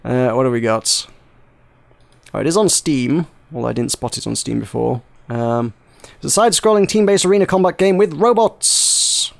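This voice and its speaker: A British man hosting a casual gaming podcast, jokey and rambling, quick to laugh. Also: medium pitch, expressive, creaky. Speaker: podcast host.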